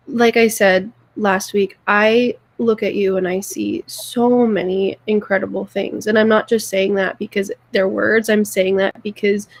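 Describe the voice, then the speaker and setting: A young woman co-hosting a podcast, talking earnestly in a rambling way, repeating words and restarting as she goes. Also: medium pitch. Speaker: podcast co-host. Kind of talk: heartfelt casual chat.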